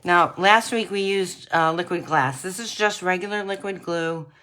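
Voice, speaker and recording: A woman casually demonstrating card-making techniques, chatting to viewers and often clearing her throat. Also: on the low side, normal speed, sharp tone. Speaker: craft demonstrator.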